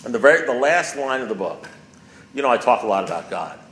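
A man's voice: mid-range voice, very animated, quick pace, fairly bright tone. A man speaks at a recovery meeting with emphatic, repetitive insistence, driving each point harder as he goes. His voice carries through an echoey room with a faint hum of background noise behind him. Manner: emphatic and repetitive, building with rising force.

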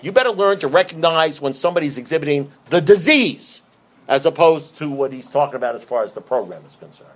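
A man's voice: fairly high pitch, expressive, fairly quick. A man giving an emphatic, conversational recovery talk who often repeats himself. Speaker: recovery speaker.

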